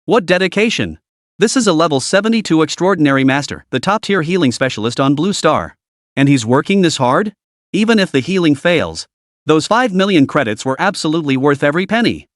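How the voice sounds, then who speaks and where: A man narrating a comic recap in a brisk, scripted storytelling manner. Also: a little high, no room sound, clean studio sound.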